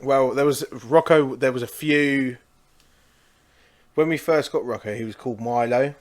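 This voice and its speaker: Relaxed British man, offhand podcast chat. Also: medium pitch, moderate pace. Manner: relaxed, offhand, swears casually. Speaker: podcast co-host. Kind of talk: casual chat.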